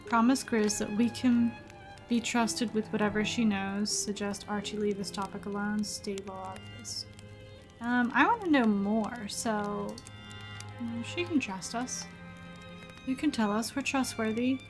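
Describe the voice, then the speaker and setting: A woman's voice: medium pitch, measured pace, soft background music. A young woman streaming a story game, reading its text aloud and reacting with frequent laughs in casual commentary.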